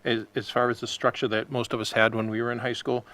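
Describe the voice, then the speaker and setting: A man on a school committee asking questions at a public meeting, speaking in a deliberate, plainspoken way. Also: mid-range voice, flat delivery, a bit bright.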